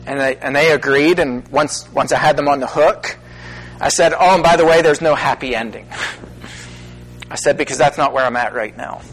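A man's voice: mid-range voice, fairly bright tone, soft background music, low-quality recording. Earnest man preaching a personal testimony. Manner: earnest, halting pauses, rising to emphatic stresses. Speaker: minister. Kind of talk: personal testimony talk to an audience.

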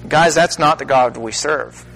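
A middle-aged minister speaking earnestly to an audience, with halting pauses that build into emphatic stresses. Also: male voice, mid-range voice, gravelly, a bit bright, a little hiss or hum, low-quality recording. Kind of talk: personal testimony talk to an audience.

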